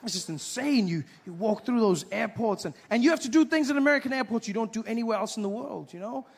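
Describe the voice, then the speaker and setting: A man performing stand-up comedy on stage, telling a story in an animated way and acting out other people's voices. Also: extremely high pitch, fast, creaky, slightly rough. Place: on stage before a live audience.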